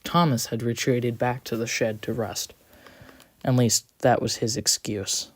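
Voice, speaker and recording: A storyteller reading an audio story aloud, expressive with the odd small slip. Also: mid-range voice, unhurried, dry recording.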